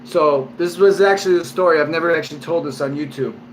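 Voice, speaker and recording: A man's voice: a little high, quick pace, a little hiss or hum. A man vlogging at home, a little drunk, telling a long story to camera in a rambling way, with constant swearing and fillers. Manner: rambling and heavily profane, lots of fillers. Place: at home, indoors.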